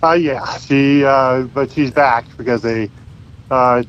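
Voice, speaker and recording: A man calling in to a podcast, chatting in a relaxed, self-mocking way. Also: medium pitch, takes it slowly. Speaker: phone-in guest. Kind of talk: casual phone chat. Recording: tinny phone line with faint hiss.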